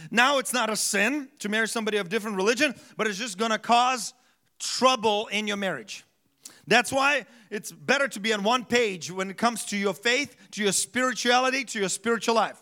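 A man's voice: sits high, a little fast, pushed and bright. A man preaching a sermon as pastor, in a conversational way that keeps asking the congregation questions.

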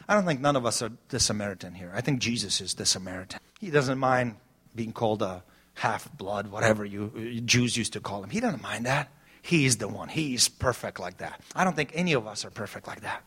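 A middle-aged man preaching a sermon in a church, his voice a touch high for a man and bright. He swings from loud, emphatic declarations to soft storytelling and laughs between his points. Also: breathy edge. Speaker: pastor.

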